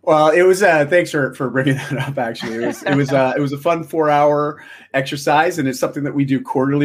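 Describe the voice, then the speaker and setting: Husky guy on an interview, talking slow and thoughtful, encouraging. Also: on the high side. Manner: reflective, encouraging, frequent restarts. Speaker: interview guest. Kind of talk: casual interview chat.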